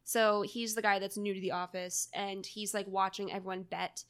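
A woman's voice: medium pitch, level tone, normal speed, clean tone. A woman co-hosting a movie podcast, talking thoughtfully and analytically in a casual way with frequent fillers. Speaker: podcast co-host.

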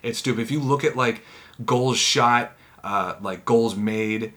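A man's voice: medium pitch, unhurried, a bit bright. A man co-hosting a podcast, riffing in casual, profane chat with jokey asides. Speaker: podcast co-host.

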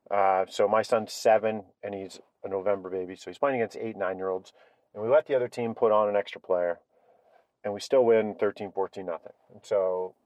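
A man hosting his own podcast from his truck, telling a rambling, energetic personal story. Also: lowish voice, no echo. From Canada. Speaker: podcast host. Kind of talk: solo podcast talk.

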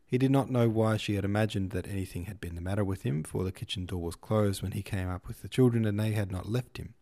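A man with a low, mellow voice reads a classic novel aloud. His narration is measured and unhurried, the way a podcast host reads a book to listeners. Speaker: podcast host and audiobook reader.

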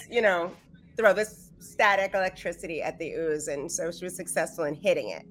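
A woman's voice: fairly low pitch, normal speed. A woman player in a tabletop game, animatedly describing what her character does. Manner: animated storytelling.

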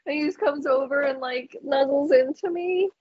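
A woman's voice: high voice, normal speed, dry recording, lo-fi sound. A young woman guest on a podcast, chatting in a rambling way full of fillers, calling in remotely. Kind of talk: casual chat.

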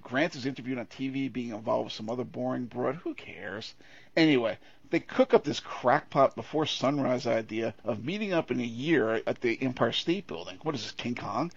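A man's voice: medium pitch, gravelly. Guy snarking through old movie plots, swears a lot, kinda muffled lo-fi audio. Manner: sardonic, profane and opinionated. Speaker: podcast co-host. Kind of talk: casual film review chat.

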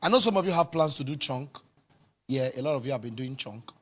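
A man's voice: medium pitch, animated, brisk. A man preaching a sermon as pastor, emphatic and calling out to the congregation for responses.

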